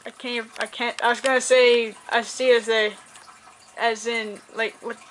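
A woman's voice: a little high, flat delivery, measured pace, a little hiss or hum. A young woman in casual reaction commentary, rambling and swearing as she films on a handheld camera. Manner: rambling, profane, laughs a lot. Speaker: reaction video host.

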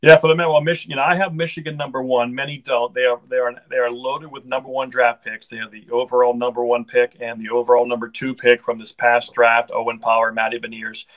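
A man's voice: mid-range voice, little pitch movement, a little fast, hardly any pauses, fairly bright tone, poor audio. Man, middle-aged, sports broadcaster, casual interview, rambling and upbeat. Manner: rambling, upbeat, restarts often. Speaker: hockey broadcaster guest.

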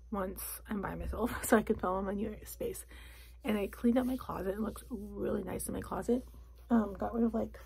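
A young woman talks casually to her camera from a closet at home, keeping her voice low and often dropping to a whisper. Her tone is husky, with a gravelly creak at the ends of phrases, and she sits a little high for a woman. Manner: soft, often drops to a whisper. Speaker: vlogger.

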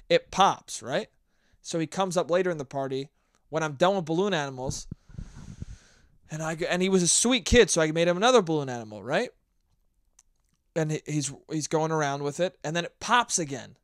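A man's voice: fairly high pitch, no echo, clean studio sound. A man hosting his own podcast, telling rambling, profane stories in a casual solo chat. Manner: profane, rambling, animated storytelling. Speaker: podcast host.

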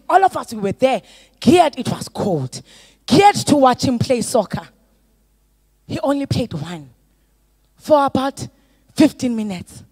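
A middle-aged woman pastor preaching a sermon, moving from soft storytelling to loud, drawn-out exhortation. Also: high-pitched, dry recording.

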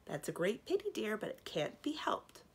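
A woman's voice: medium pitch, wildly swooping pitch, moderate pace, husky, in a whisper, voice pushed up, heavily acted. A woman voicing a placid, prim middle-aged queen mother.

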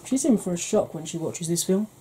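A woman chatting casually as a beauty vlogger, easygoing and quick to laugh, with the odd mild swear. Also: lowish voice, expressive, dark tone, slight background noise. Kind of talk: casual makeup declutter chat.

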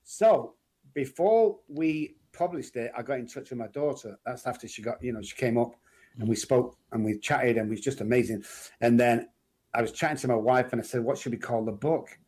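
A man's voice: mid-range voice, moderate pace, husky. Middle-aged manchester guy on an interview, chatty storyteller, does little voices for people. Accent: Manchester English. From England. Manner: animated storyteller, acts out quoted voices. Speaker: guest. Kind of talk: casual interview chat.

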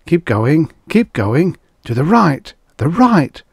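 A man's voice: on the high side, big pitch swings, slow pace, no room sound, clean studio sound, voice pushed up. A man voicing a mysterious unseen voice that impatiently urges someone on with commands. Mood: urging, commanding.

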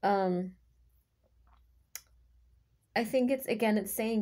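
A woman giving an intuitive tarot reading to her viewers, talking in a rambling, heartfelt way with many halting restarts. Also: fairly low pitch, a little mellow. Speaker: tarot reader.

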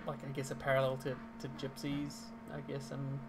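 A man's voice: medium pitch, completely flat delivery, a little fast, noisy background. A man narrating as game master in a casual tabletop game, rambling and correcting himself with frequent ums.

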